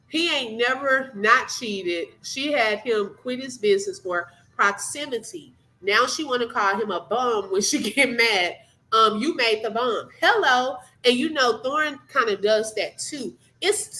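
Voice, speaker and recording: A woman's voice: fairly high pitch, sharp tone, low-quality recording. A woman hosting a live reaction stream, chatting casually and thanking viewers by name. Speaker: livestream host.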